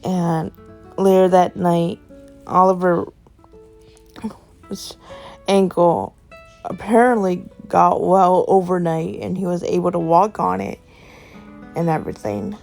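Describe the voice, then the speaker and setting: A woman's voice: on the low side, steady tone, slow pace, creaky, long pauses, a little mellow, soft background music. A woman telling an improvised story, chaining events together with "and then" in a rambling way.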